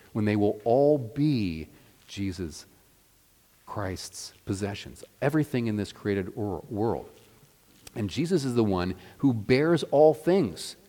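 A man's voice: mid-range voice, darkish tone. A man preaching a sermon as pastor, earnest and emphatic, building and easing his intensity. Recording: long reverb of a church hall.

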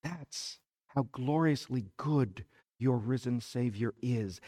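Slow, emphatic male preacher in a reverberant hall. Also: medium pitch, dark tone. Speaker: pastor. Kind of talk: sermon. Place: church sanctuary.

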